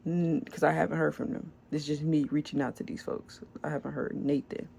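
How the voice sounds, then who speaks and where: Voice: medium pitch, flat delivery, brisk, creaky, darkish tone, slight background noise. A young adult small business owner telling a long story in a casual vlog, chatty and slangy, with filler words and swearing.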